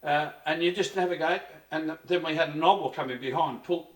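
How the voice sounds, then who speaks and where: Heard from a distance in a roomy recording, an older Australian man talks briskly in a fairly high-pitched voice. He's an interview guest reminiscing casually, his stories rambling and earthy, with restarts and mild swearing.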